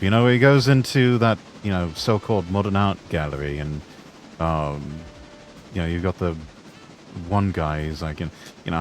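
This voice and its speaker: A man's voice: deep voice, normal speed, a little hiss or hum. A man chatting on a game stream, telling stories in a rambling, hesitant way. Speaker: stream co-player. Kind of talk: casual game-stream chat.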